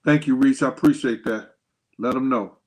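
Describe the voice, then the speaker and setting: A man hosting a casual livestream, telling stories with animated quoted dialogue and thanking viewers by name. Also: medium pitch, moderate pace. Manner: animated storytelling, acts out quotes in a raised voice. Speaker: host.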